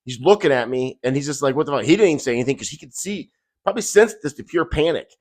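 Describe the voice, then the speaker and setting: A man's voice: fairly high pitch, animated, fast, darkish tone. A middle-aged man, a rideshare driver, telling his own story in agitated, profane, intense bursts. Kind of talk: emotional first-person storytelling.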